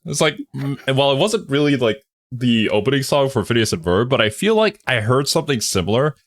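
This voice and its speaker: A man's voice: medium pitch, big pitch swings, fairly quick. A man co-hosting a casual reaction chat, laid-back and rambling, often laughing. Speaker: co-host reacting to game music. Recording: music playing behind.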